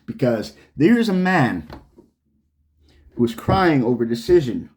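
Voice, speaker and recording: Furious male vlogger, profane sarcastic rant, lively up-and-down delivery. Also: mid-range voice, unhurried. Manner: swearing, heated, sarcastic. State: angry.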